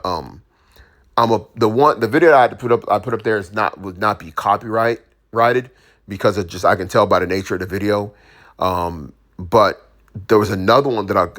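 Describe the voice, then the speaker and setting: A man's voice: on the low side, a bit bright. A man giving his opinions in a casual, slangy monologue, full of restarts and asides to the listener. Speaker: commentator.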